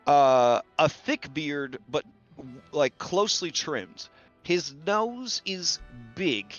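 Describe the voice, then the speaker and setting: Man, game master, halting narration, mid pitch, faint background music. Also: fairly bright tone, dry recording. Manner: halting, many ums and uhs. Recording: dull lo-fi audio with faint music.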